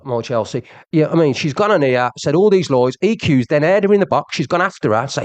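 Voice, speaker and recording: A man delivers a heated livestream rant, jabbing at someone he calls out and circling back to the same points again and again. His voice sits a touch high for a man, and the sound is close and dry with no room around it. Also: expressive, brisk, hardly any pauses, no room sound. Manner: confrontational, repeats himself, addresses the viewer directly.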